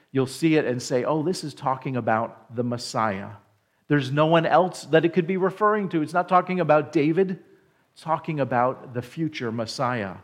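Slow, deliberate male preacher. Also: mid-range voice. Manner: slow, deliberate preaching with dramatic drops in volume. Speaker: pastor. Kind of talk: sermon.

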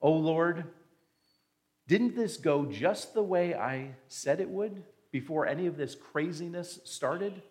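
A man's voice: fairly high pitch, expressive, slow pace, darkish tone. A man voicing an angry, resentful prophet who throws accusing questions at God. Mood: indignant. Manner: indignant, accusing rhetorical questions.

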